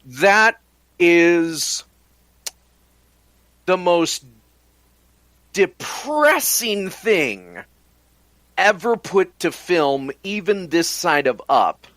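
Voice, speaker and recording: A man's voice: high voice, sing-song, extremely slow, long pauses, fairly bright tone, dry recording. A man co-hosting a casual podcast, retelling a film plot step by step and drawing words out for emphasis. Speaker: podcast co-host.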